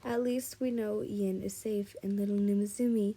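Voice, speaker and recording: A woman reading as a gentle grieving mother. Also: mid-range voice, fairly even intonation, normal speed, lightly acted. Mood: sorrowful. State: tired. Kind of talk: reading a fan fiction listener story aloud.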